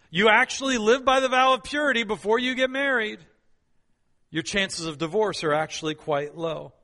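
A man preaches a sermon with a high, bright, ringing voice. He presses his points hard, repeats key lines for weight, and drops in the odd playful joke. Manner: emphatic, repeats key phrases, playful asides. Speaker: pastor.

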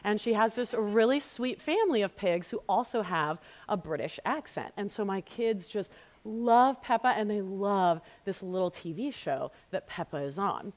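A woman in her thirties teaching a women's Bible study, telling family stories in an earnest, storytelling way and praying in a hushed voice. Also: mid-range voice, animated, normal speed. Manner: warm, storytelling, earnest, softening to a hushed prayer. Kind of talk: women's ministry teaching talk. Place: church women's gathering, live audience.

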